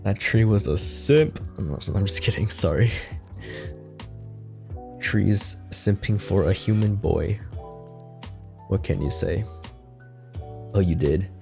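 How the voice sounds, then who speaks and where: A man's voice: sits low, lively intonation, slow pace, gravelly, pauses often, dark tone. A man streaming from his piano, reading a storybook and chatting casually with his chat, easily amused. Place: at a piano in a home streaming setup.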